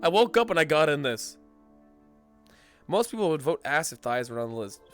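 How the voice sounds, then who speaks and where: A man streaming a roleplay game, joking crudely and loudly in casual banter with a hoarse voice. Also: fairly high pitch, sing-song, normal speed, faint music behind.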